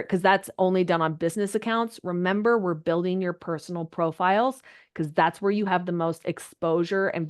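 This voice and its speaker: A woman coaching a group live on a video call, chatty and animated, her voice jumping up when she gets excited. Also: fairly low pitch. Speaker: social media coach. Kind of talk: live online coaching session.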